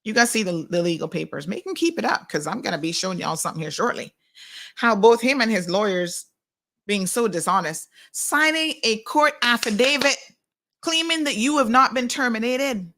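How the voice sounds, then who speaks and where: A middle-aged woman hosting a live commentary, talking in a sarcastic and animated way. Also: fairly high pitch, normal speed. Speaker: host.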